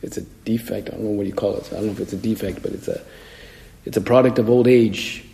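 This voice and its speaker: A man's voice: on the low side, steady tone, quick pace, creaky, mellow. A man, a priest, preaching a homily in a conversational way and acting out the voices he quotes. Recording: echoey hall with long reverb.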